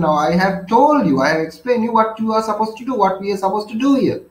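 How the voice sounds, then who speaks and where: A man's voice: sits high, fast talker, echoey room, rough recording. A man teaching a novel in a lecture, paraphrasing it, defining words and often checking in with 'right?'.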